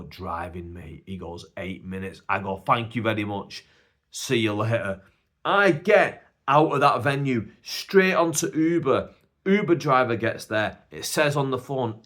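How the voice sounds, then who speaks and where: A man with a Greater Manchester accent hosting a podcast, telling a rambling comic story and acting out both sides of each conversation. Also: on the low side. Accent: Northern English, Greater Manchester. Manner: animated, acts out both sides of dialogue. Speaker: podcast host and stand-up comedian. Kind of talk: casual storytelling.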